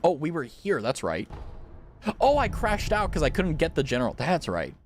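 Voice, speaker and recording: A man live-streaming a video game, chatting with viewers in a rambling, excitable way, laughing often and swearing casually. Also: a little high, moderate pace, faint music behind. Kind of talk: casual live gameplay chat.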